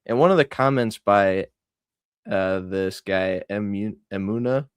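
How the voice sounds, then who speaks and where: Low-voiced man chatting on a stream. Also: measured pace, clear, resonant tone, no echo. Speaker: host. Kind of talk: casual livestream chat.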